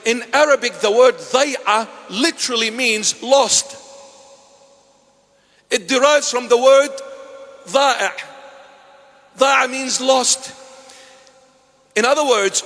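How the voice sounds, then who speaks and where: High-voiced bishop preaching in a reverberant church. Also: male voice. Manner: preaching with sharp rises and drops in loudness; acts out quoted dialogue. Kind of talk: sermon.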